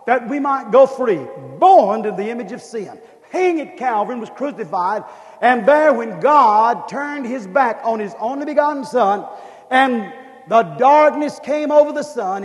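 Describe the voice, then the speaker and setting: A man preaching a fervent revival sermon, repeating phrases and building up to shouted questions. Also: extremely high pitch. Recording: long hall reverb.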